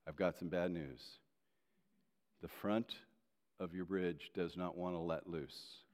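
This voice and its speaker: A man voicing a calm, middle-aged male dentist who delivers bad news in a low, measured, matter-of-fact way. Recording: long reverb of a large hall.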